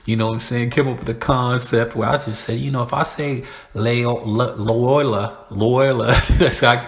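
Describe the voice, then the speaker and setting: A man from Austin, hosting a podcast in a loose, profane, joking monologue. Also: mid-range voice. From Austin, Texas. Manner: loose, profane, chuckling between jokes. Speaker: podcast host. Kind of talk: casual comedic monologue.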